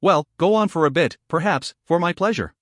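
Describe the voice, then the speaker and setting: A cruel male dark elf dragon rider speaks from his throne in a storybook, cold and commanding, handing out orders as if they were nothing, the way a man voices him. His tone is a little high and the recording is dry and close. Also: expressive, normal speed, no echo. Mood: cold menace. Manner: cold, commanding, matter-of-fact.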